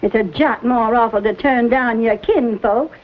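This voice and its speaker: A woman's voice: on the high side, a little slow, background noise, natural voice. An actress playing a stern frontier mother, scolding her grown son. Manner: scolding, commanding. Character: stern frontier mother, proud of family ties. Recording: thin phone-like old TV audio.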